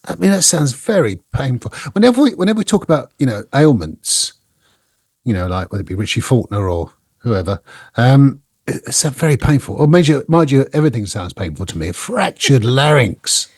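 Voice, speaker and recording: Husky, rambling male co-host, dry close sound. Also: mid-range voice, very animated, darkish tone, no echo. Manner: rambling, halting, many fillers and restarts. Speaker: podcast co-host. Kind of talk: casual chat.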